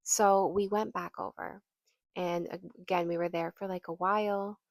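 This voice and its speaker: A woman's voice: lowish voice, fairly even intonation, normal speed, gravelly, no echo. A woman podcast host telling a personal story in an earnest, reflective way, often restarting her sentences and saying "like".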